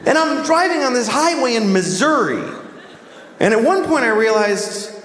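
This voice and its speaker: A man doing stand-up comedy, telling an excitable, rambling story. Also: extremely high pitch, moderate pace. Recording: echoey hall, audible noise.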